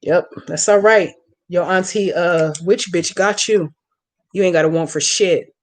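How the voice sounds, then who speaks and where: A woman's voice: lowish voice, unhurried. A woman hosting a live stream, chatting casually with viewers by name and talking back to their comments in a blunt, profane, outspoken way.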